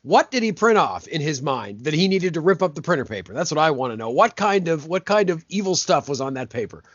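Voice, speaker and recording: An enthusiastic, joking man with a slightly high voice chats casually as a podcast guest. His voice comes through dry and muffled, with a lo-fi dullness. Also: big pitch swings, brisk, dry recording. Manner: jokey, enthusiastic. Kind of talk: casual chat. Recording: dull lo-fi, dry sound.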